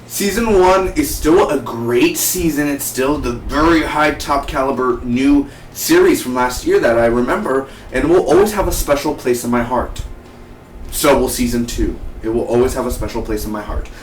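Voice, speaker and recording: Excitable man reviewing a TV show. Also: mid-range voice, normal speed, distant mic. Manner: excitable, rambling, many restarts. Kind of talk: casual enthusiastic review. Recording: echoey room, off-mic, faint hiss.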